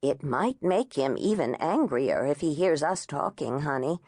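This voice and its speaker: A woman narrator voicing an elderly, old-fashioned grandmother with a soft, motherly way of talking. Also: low-pitched, expressive, a little slow, breathy edge, no room sound, studio quality, voice pushed down, full character voice. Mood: gentle, motherly. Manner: soft, motherly, turning frantic when scared.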